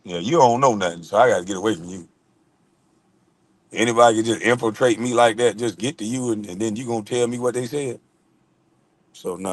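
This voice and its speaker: A man's voice: lowish voice, no echo. A man on a live stream, ranting casually with lots of cursing, laughing and mocking impressions of other people. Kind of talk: profane ranting monologue.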